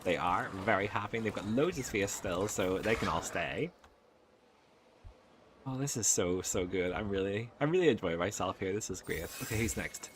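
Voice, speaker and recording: A man giving excitable let's play commentary, cooing at the baby creatures in his game. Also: on the low side, normal speed, noisy background. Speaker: gaming channel host. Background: game music.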